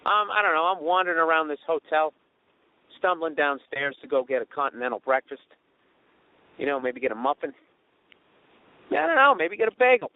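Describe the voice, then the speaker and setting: A man hosting a comedy podcast, telling a story in a profane, animated way and mimicking the people in it. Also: on the high side, normal speed, long pauses, no echo, phone-quality sound. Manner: profane, animated, does mocking voices of others. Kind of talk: storytelling monologue.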